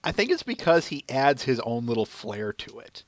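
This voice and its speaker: A man's voice: mid-range voice, big pitch swings, moderate pace, dry recording. A man hosting a casual podcast chat, searching for words as he talks. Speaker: podcast host.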